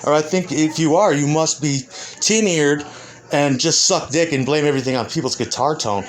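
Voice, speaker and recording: A man's voice: on the high side, moderate pace. A man, a musician, in a rambling and profane rant, combative and heated. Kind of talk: ranting monologue.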